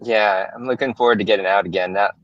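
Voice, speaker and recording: A man's voice: lowish voice, steady tone, fast talker, no echo, muffled recording. A man who posts interview videos, chatting easily and a little hesitantly during an online poker game. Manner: easygoing, hesitant with fillers.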